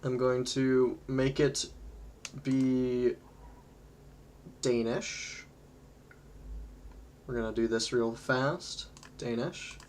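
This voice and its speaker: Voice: mid-range voice, little pitch movement, very slow, pauses often, darkish tone, a little hiss or hum. A livestream host chatting casually while playing a game, rambling between topics and laughing often. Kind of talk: casual gaming livestream chat.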